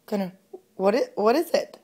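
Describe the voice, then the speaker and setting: A woman's voice: mid-range voice, lively intonation, moderate pace, a little mellow. A pregnant mother filming at home, coaxing her toddler with sing-song, encouraging questions.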